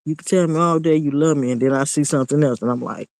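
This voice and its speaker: Man, casual vlog monologue, blunt, preachy, fairly high voice, dry close sound. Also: fast talker, a little mellow, no echo, low-quality recording. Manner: blunt, preachy, repeats himself.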